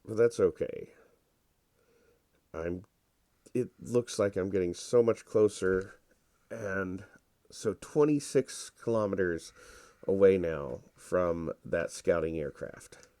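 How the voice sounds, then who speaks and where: A man's voice: low-pitched, slow, long pauses, no room sound. A man with a congested voice giving casual, rambling commentary over his own gameplay. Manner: relaxed, rambling and self-deprecating.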